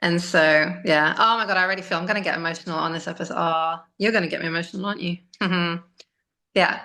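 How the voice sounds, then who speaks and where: A woman in her thirties with a bright, ringing voice shares personal stories as a podcast guest. Her talk is lively and emotional, often broken by laughter. The sound is close and plain. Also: lowish voice, fast. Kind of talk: casual conversational storytelling.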